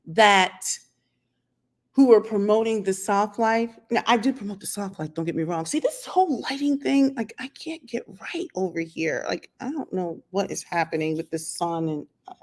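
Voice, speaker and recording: A woman's voice: medium pitch, lively intonation, moderate pace, a little mellow. A woman hosting her own opinion channel, talking straight to camera outdoors and firing rhetorical questions at viewers. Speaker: channel host. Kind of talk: casual opinion vlog monologue. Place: outdoors in sunlight.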